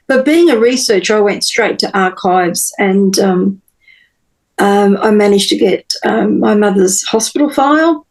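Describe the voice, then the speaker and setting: Woman, podcast guest, earnest, halting personal storytelling, mid-pitched voice. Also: a little mellow, poor audio. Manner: earnest, halting, many pauses and restarts.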